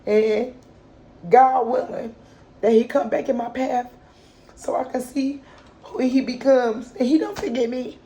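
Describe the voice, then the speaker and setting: A woman's voice: high-pitched, measured pace, long pauses, warm tone, rough recording. A mother speaking straight to her viewers in an unscripted vlog monologue. She is impassioned and ranting, piles up rhetorical questions, and uses casual slang, calling her audience "y'all". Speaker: mother and kids' advocate.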